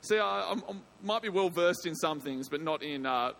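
High-voiced pastor, chatty and jokey. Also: male voice, animated, moderate pace, creaky, a bit bright. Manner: chatty, jokey, self-interrupting, bursts of emphasis. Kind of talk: evening sermon. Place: church hall.

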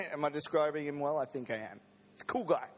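A man's voice: on the high side, lively intonation, moderate pace, in a large hall. A man preaching a sermon to a congregation, in a conversational manner with joking asides. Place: church service.

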